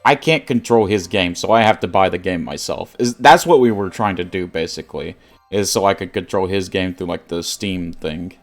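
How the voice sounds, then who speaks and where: A man's voice: low-pitched, normal speed, faint music behind. A man streaming a game live, joking and laughing with his chat as he plays. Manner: jokey, laughs often, talks to chat. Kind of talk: live gameplay commentary chatting with viewers.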